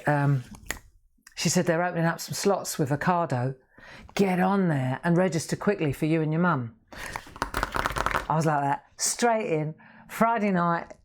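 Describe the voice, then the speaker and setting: A woman's voice: sits low, darkish tone. A middle-aged woman chatting casually to viewers while crafting live, laughing often. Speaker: craft livestream host.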